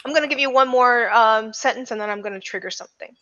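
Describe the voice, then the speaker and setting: A woman's voice: a little high, fast, sharp tone, lo-fi sound. A woman narrating a tabletop game as game master, in a loose, filler-heavy way with frequent restarts.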